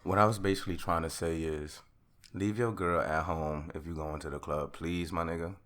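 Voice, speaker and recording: A young man hosting his own podcast, ranting in a casual monologue that swings from loud outbursts to calmer talk. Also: sits low, moderate pace. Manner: rants loudly, then calms down. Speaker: podcast host.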